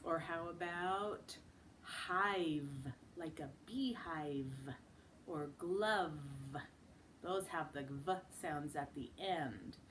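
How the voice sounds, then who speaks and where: A woman teaching a children's phonics lesson. She models each sound slowly and with exaggeration, and breaks into sing-song chants. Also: low-pitched, fairly bright tone, slight background noise. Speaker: speech and language teacher.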